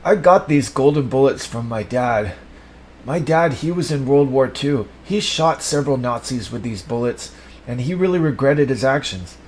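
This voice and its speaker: A man's voice: medium pitch, animated, moderate pace, a little hiss or hum. Rambling, profane improvising man. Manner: rambling, profane, swings between mumbling and shouting. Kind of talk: improvised absurd comedy monologue.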